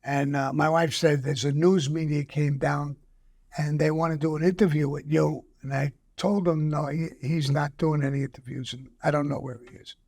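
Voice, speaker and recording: An older man, a guest telling a story casually, profane and animated, acting out the quoted voices. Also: a little high, normal speed.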